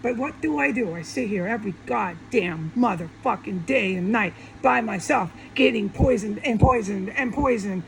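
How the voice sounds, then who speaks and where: A woman's voice: medium pitch, normal speed, creaky, few pauses, slight background noise, rough recording. A woman talking alone in an angry, profane, repetitive monologue, speaking to viewers from her home. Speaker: vlogger.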